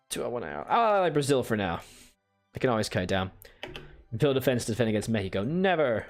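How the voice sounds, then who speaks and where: Chatty man streaming a strategy game. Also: mid-range voice. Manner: chatty, answers viewer chat, playful asides. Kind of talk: casual gameplay commentary.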